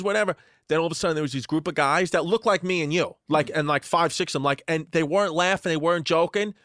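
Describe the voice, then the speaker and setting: A man co-hosting a podcast, telling crude stories with loud quoted voices. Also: a little high, no room sound, studio quality. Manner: crude, animated storyteller, shouts quoted voices. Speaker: podcast co-host. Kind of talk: casual chat.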